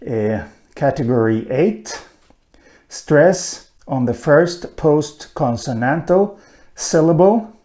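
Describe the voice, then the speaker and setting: Slow, halting male lecturer. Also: a little high, animated, dark tone. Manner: slow, hesitant, frequent "uh" fillers, dry asides. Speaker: lecturer on linguistics. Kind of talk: recorded online lecture.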